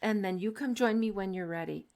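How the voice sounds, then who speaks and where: A woman talks in a relaxed podcast conversation, drawing on her years as a kindergarten teacher. She tells stories vividly and slips into the voices of the children and parents she describes. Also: medium pitch, fairly quick, vocal fry. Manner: animated storyteller who acts out quoted children and parents.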